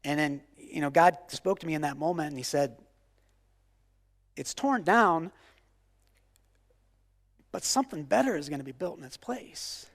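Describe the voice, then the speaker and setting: A man in his forties preaching a sermon with passion, repeating phrases and swinging from loud declarations to hushed, quiet lines. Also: a little high, measured pace, long pauses, long reverb tail. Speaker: pastor.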